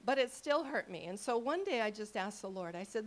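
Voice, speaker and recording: An older woman, a ministry teacher, addresses a live audience in a chatty style with a fairly high voice at a moderate pace. She acts out quoted thoughts in lively voices and frequently checks that listeners are keeping up.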